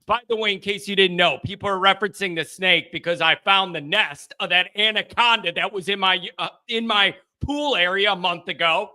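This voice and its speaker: A man hosting a live fan call-in stream, rowdy and jokey, reading chat comments and riffing loudly. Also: sits high, brisk, hardly any pauses. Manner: rowdy and excitable, jokey, shouts bits for effect. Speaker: host of a fan call-in show.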